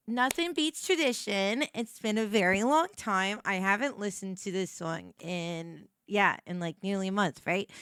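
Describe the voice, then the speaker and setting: A woman streamer chatting casually with her viewers, giggly and emotional, stammering through halting restarts. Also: mid-range voice, a bit bright, clean tone, dry recording, studio quality. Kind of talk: casual live-stream chat.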